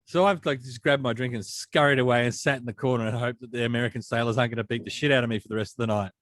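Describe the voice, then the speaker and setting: An Australian man co-hosting a casual chat show, telling animated travel anecdotes full of slang. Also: mid-range voice, racing, no echo. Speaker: podcast co-host.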